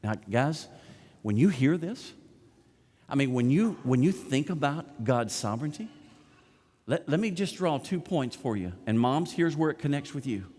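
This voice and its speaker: A man's voice: mid-range voice, lively intonation, normal speed, darkish tone. A middle-aged male pastor preaching a sermon, animatedly retelling a story and acting out the characters' lines. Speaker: senior pastor. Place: large church sanctuary. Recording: long church hall reverb.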